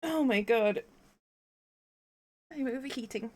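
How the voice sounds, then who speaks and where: A young woman streaming live, giggly and tearful, talking softly and slowly. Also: fairly high pitch. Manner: giggly, emotional, talks softly.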